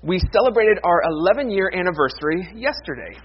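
A man's voice: sits high, very animated, a little fast, lo-fi sound, slight background noise. A man in his thirties, a pastor giving a casual, self-deprecating sermon that opens with a folksy joke.

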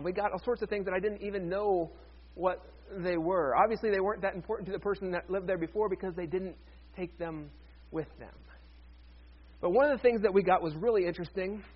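A man with a high, husky voice preaches a sermon, chatting easily with the congregation and tossing in jokes along the way. The sound is dull and lo-fi. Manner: conversational, joking asides to the congregation. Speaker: pastor.

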